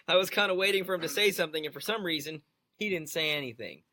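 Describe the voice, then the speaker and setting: A man's voice: on the high side, brisk, bright, forceful tone, dry recording. A man co-hosting a radio talk show in casual, amused, wry chat.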